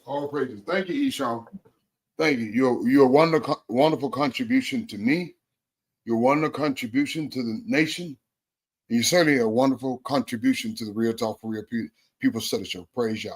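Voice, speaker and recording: A man's voice: mid-range voice, fairly quick, breathy edge. A male host with a mid-range voice who speaks in a preacherly way. He stacks up repeated phrases and leans into each one as he runs a streamed faith talk show.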